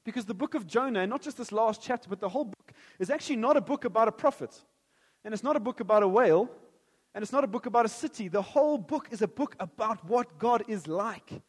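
A man's voice: high-pitched, lively intonation, fast talker, breathy edge, big-room sound. A man preaching a sermon, joking at first and then earnest and prayerful.

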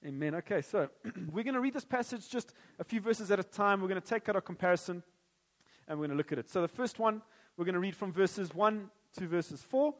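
A man's voice: high voice, a little fast, big-room sound. A man preaching a sermon, joking at first and then earnest and prayerful.

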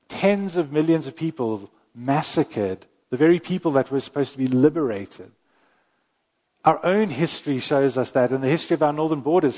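A man preaching a sermon, earnest, with slow emphatic pauses and the odd self-correction. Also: mid-range voice, a little mellow. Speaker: pastor. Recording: long hall reverb.

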